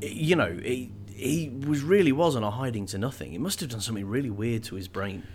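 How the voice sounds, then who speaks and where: A man co-hosting a casual book discussion podcast, animated, swearing playfully and laughing often. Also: medium pitch, brisk, a little hiss or hum. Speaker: podcast co-host.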